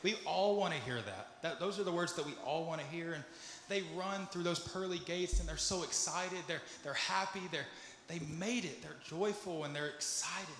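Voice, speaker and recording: A man preaching a sermon, moving from soft, low musing to loud, pleading questions. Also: normal speed, slight background noise. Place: church sanctuary. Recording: echoey church hall with music behind. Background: instrumental music.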